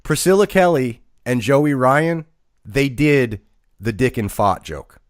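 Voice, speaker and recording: A man's voice: mid-range voice, animated, slow, no echo. A man co-hosting a wrestling podcast, ranting mockingly and calling out a critic by name. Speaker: podcast co-host. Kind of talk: casual podcast rant.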